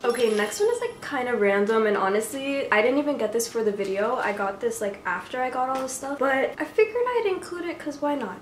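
A woman's voice: fairly high pitch, a little fast, hardly any pauses. Chatty young woman, echoey room. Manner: chatty, lots of "like", giggly. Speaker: vlogger reviewing products. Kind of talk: casual chat. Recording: echoey room with faint noise.

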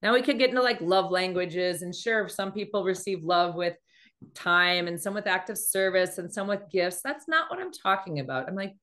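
A woman giving a motivational talk on dating as a coach, telling stories lively and acting out quoted speech in changing voices. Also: on the low side, normal speed. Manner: animated storytelling, acts out quoted speech.

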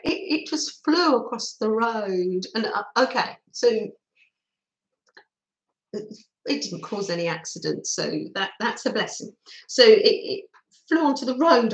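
A woman chats her way through a live craft stream, slow and unhurried, with a slightly high voice. She giggles often and talks between bites of cake. The room around her rings with echo. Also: fairly bright tone. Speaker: livestream host reading viewer comments.

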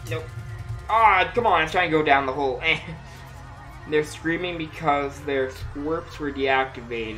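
A woman livestreaming a shooter game, talking slowly in a low voice and laughing at herself between exclamations. She sounds slightly under the weather, her throat dry. Faint game music plays underneath. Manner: giggly, self-mocking, frequent laughter and exclamations. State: feeling sick, dry throat. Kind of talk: casual gameplay livestream chat.

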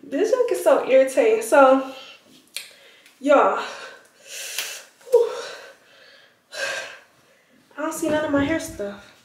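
Chatty teen girl, high voice, echoey room. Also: big pitch swings, slow, long pauses, a little mellow, slight background noise. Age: teens. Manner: chatty, rambling, addresses viewers as y'all. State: out of breath at times. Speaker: vlogger. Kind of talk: casual vlog talk to camera. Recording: roomy, somewhat distant phone audio.

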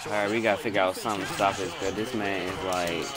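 A young man giving loud, excited commentary while playing a football video game, swearing and bursting into shouts. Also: lowish voice, normal speed, hardly any pauses. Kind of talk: excited live gameplay commentary. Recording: loud game crowd noise behind. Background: game stadium crowd.

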